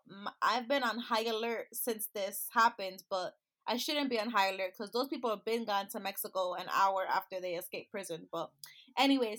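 Bright, animated woman podcast co-host. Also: medium pitch. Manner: animated storyteller who laughs often. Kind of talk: casual chat.

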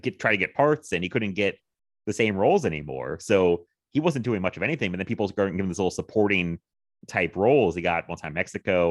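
A man's voice: lowish voice, dry recording, clean studio sound. A man co-hosting a film podcast, rambling casually with many fillers and frequent laughs. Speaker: podcast co-host.

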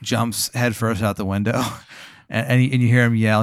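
A man's voice: mid-range voice, steady tone, no room sound, studio quality. Laid-back man spinning an improvised tale. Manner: laid-back, drawn-out with many "uh" pauses. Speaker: comedy podcast host. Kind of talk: improvised storytelling.

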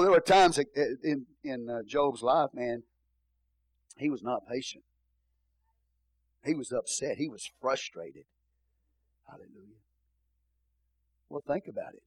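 A man's voice: fairly high pitch, no echo, rough recording. A male pastor preaching a sermon in a church, repeating phrases and calling out hallelujah.

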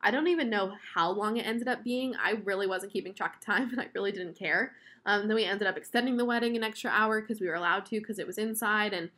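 A woman's voice: medium pitch, quick pace, hardly any pauses, bright, forceful tone. A young woman in her twenties telling a personal story in a casual, chatty way, with many fillers and gushing enthusiasm. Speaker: vlogger.

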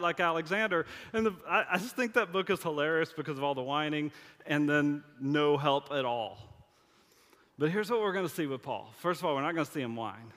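Man, pastor, casual joking sermon, stammering restarts, fairly high pitch, long church-hall reverb. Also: a little fast, fairly bright tone.

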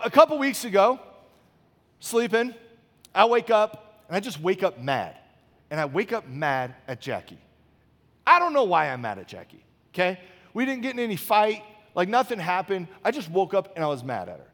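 High-voiced guy in his 30s preaching, chatty storytelling sermon, keeps asking "okay?", long echo from a big hall. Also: sing-song, normal speed, fairly bright tone. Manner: conversational, storytelling, frequent "okay?" check-ins. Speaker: pastor.

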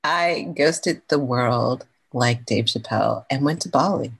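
A woman's voice: very deep voice, measured pace, creaky, breathy edge, poor audio. A woman from California telling her own story as a guest in a casual, chatty, slangy way. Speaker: podcast guest.

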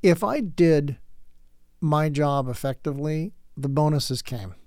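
A man in his late fifties talks through a candid lecture as a podcast host, blunt and earnest, tripping over his words and starting phrases again. His voice sits a little high for a man. The sound is dry and close, with no room around it. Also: a little mellow, dry recording. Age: late 50s.

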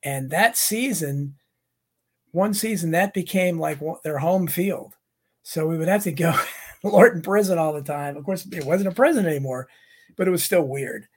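A middle-aged American man talks casually on his livestream, drifting between viewer comments and stories. His voice is husky and sits a little high for a man. He restarts sentences often and wanders off on asides. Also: moderate pace. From United States. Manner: rambling, many restarts and asides. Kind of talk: casual rambling chat.

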